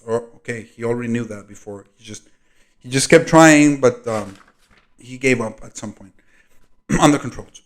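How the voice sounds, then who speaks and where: A man hosting a video, reading a diary aloud and adding rambling commentary with many fillers, frequent throat clearing, and loudness that rises and falls. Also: mid-range voice, moderate pace. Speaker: video host.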